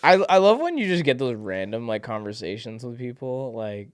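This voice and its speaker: A man's voice: medium pitch, very animated, moderate pace, slight background noise. Rambling, chatty young man. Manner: rambling, full of "like" and restarts, acts out quotes. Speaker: podcast guest, band member. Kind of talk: casual podcast chat.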